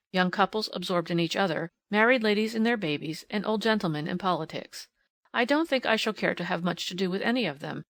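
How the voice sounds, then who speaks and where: A woman's voice: medium pitch, dry recording. Woman reading a classic novel, dry. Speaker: audiobook reader.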